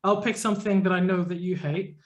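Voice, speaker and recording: A man with a high voice co-hosts a casual podcast chat. He talks in a dry, teasing way, with easy fillers. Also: steady tone, brisk. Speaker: podcast co-host.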